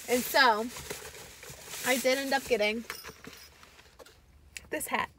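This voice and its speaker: A woman's voice: high-pitched, no echo. A young woman, a kindergarten teacher, chatting casually and expressively to her vlog audience. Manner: chatty and expressive, dramatic retelling. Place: out and about with handheld camera.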